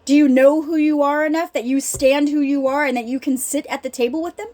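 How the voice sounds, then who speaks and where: Her voice strikingly high yet mellow, a middle-aged healing ministry speaker delivers a sincere faith talk at a fairly quick pace with fairly even intonation. She presses her points with earnest emphasis, talking straight to her audience as if they sat before her.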